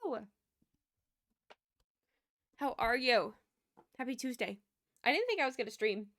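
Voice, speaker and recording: A woman's voice: on the high side, expressive, fairly quick, a bit bright. A young woman chatting casually on a livestream while she plays a game, giggling and trailing off mid-sentence. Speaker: streamer.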